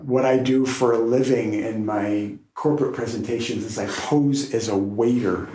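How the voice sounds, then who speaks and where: A man, a podcast guest and keynote speaker, telling a story in a lively way and laughing now and then. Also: mid-range voice, normal speed, roomy sound, low-quality recording.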